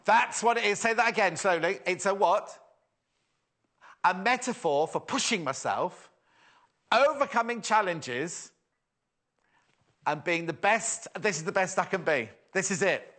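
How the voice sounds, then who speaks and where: A man's voice: high voice, lively intonation, measured pace, long pauses, pushed and bright. A man hosting a live shopping show, chatty and self-mocking, often giggling at his own jokes. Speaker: shopping channel presenter. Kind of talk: live TV sales chat.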